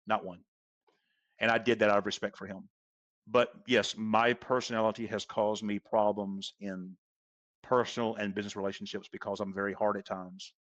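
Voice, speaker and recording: A man's voice: on the low side, flat delivery, normal speed, fairly bright tone, no room sound, muffled recording. A man speaking as a golf instructor guest on a podcast, talking casually and hammering points home by repeating them. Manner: emphatic, repeats points for stress.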